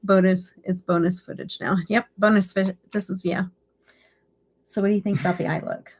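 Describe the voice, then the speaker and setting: A woman's voice: mid-range voice, flat delivery, moderate pace, darkish tone, a little hiss or hum. A middle-aged woman hosting a beauty live stream, chatting casually and laughing often. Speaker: beauty channel host.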